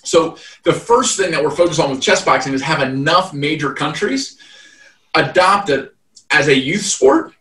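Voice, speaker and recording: A man's voice: fairly high pitch, lively intonation, moderate pace, fairly bright tone. A man in his thirties, a guest telling stories in a casual interview, rambling with lots of fillers and restarts. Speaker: guest, fight event promoter. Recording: roomy, distant mic.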